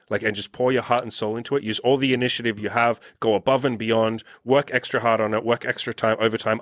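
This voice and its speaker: A blunt, profane man talks through a casual podcast conversation and keeps slipping into the voices of the people he quotes. His voice sits at an ordinary middle pitch, and the sound is dry and close, with no room around it. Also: a bit bright, no echo. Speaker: podcast host and dating coach.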